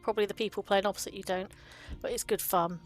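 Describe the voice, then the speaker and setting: A woman's voice: mid-range voice, steady tone, fast. Woman rambling fondly about card art, lots of ums and little laughs, faint music behind. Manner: chatty and fond, with frequent ums and small laughs. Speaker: card game video host. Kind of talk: casual commentary on card art.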